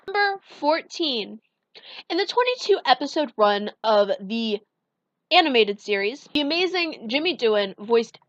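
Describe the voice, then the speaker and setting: A young woman vlogging casually, running through a list of facts, chatty and enthusiastic, with fillers and quick self-corrections. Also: on the high side, big pitch swings, fairly bright tone, no echo, highs cut off. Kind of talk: casual countdown vlog.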